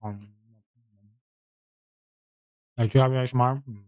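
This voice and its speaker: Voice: mid-range voice, steady tone, very fast, mellow, no echo, studio quality. A streamer in casual stream chat, playful and rambling, with frequent giggles, talking into a home streaming mic.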